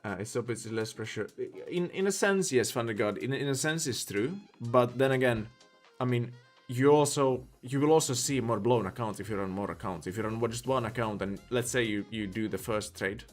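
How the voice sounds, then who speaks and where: A man's voice: mid-range voice, fairly quick, hardly any pauses, soft background music. A man from Sweden with a Swedish accent, chatting casually on a live stream, rambling with lots of fillers as he thinks aloud. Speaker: livestreamer.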